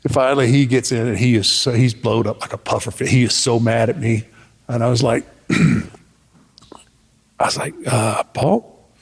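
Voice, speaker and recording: A man's voice: medium pitch, fairly even intonation, moderate pace, vocal fry, pauses often, slightly rough, big-room sound. A man telling a casual anecdote, rambling with restarts and often laughing. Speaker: storyteller.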